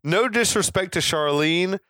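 A man's voice: high voice, unhurried, sharp tone, no room sound, clean studio sound. A man co-hosting a podcast, chatting about a movie in a laid-back, joking way and swearing freely. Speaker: podcast co-host. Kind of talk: casual movie chat.

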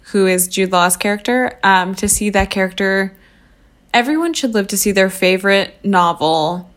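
A young adult woman co-hosting a film podcast, talking casually and playfully with lots of fillers. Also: mid-range voice. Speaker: podcast co-host. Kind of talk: casual film-review chat.

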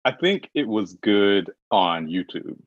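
Deep-voiced sassy man, dry lo-fi sound. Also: animated, no room sound. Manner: sassy, dismissive, drawn-out "girl" asides. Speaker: podcast co-host. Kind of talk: casual pop culture chat.

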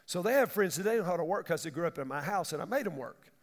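A middle-aged man preaches in a folksy, emphatic way and asks the congregation questions. His voice sits high and swings widely, with a gravelly edge. A long reverb trails behind him, as in a large hall. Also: animated, fast. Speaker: pastor. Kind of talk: sermon.

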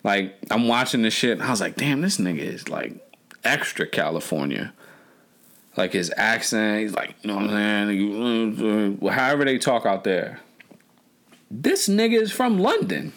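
A man's voice: lowish voice, animated, moderate pace, a bit bright. A man co-hosting a casual podcast chat, rambling and profane, full of fillers and restarts. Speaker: podcast co-host.

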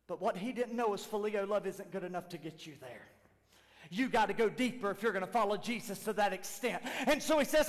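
A man preaching a sermon as lead pastor, dropping low and soft, then rising to shouts as he acts out quoted dialogue. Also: animated, a little fast. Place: church sanctuary. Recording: long reverb of a large hall.

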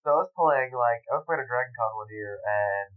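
Man, casual chat, laid-back, hesitant, mid pitch. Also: brisk, narrow, tinny audio. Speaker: podcast guest.

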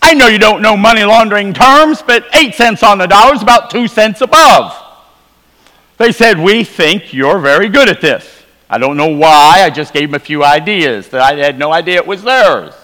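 A man preaches a revival testimony in a high, ringing voice, dropping into hushed asides and then building back up with emphasis. His words carry a long reverb from a large hall. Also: animated, normal speed. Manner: storytelling, shifts between quiet low asides and emphatic rises. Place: church sanctuary.

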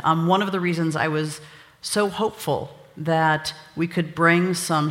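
A man, a rabbi hosting a conference, speaking in a lively, joking, emphatic way. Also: fairly high pitch. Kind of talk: conference talk. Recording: long hall reverb.

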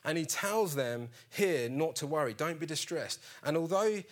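A man's voice: on the high side, expressive, normal speed. A man preaching a sermon in an earnest, conversational storytelling manner.

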